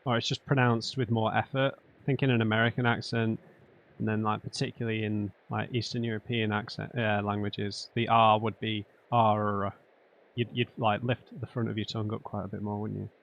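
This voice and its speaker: A man's voice: lowish voice, little pitch movement, brisk, vocal fry, lo-fi sound. A man doing let's play commentary, thinking aloud and muttering to himself while he works through a puzzle. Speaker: gamer.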